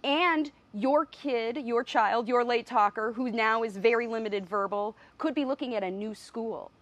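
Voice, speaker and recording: A woman's voice: on the high side, measured pace, fairly bright tone, lo-fi sound. Earnest middle-aged woman, emotional live stream. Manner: earnest, emotional, laughing often. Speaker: speech pathologist hosting a live video. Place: standing outside by a window.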